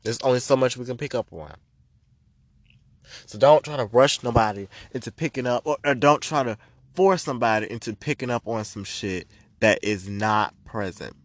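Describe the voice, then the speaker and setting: Male podcast host, spiritual reader, blunt and profane rant, mid-pitched, dry close sound. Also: normal speed, dry recording. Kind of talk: ranting podcast monologue.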